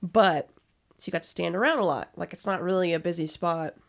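A woman's voice: on the low side, brisk, vocal fry. A young woman co-hosting a podcast, telling work stories in a blunt, casual way and swearing freely. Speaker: podcast co-host. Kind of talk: casual chat.

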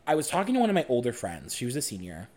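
A young man co-hosting a podcast, telling a personal story in a frank, animated way and swearing freely. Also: mid-range voice, rapid-fire. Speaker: podcast co-host.

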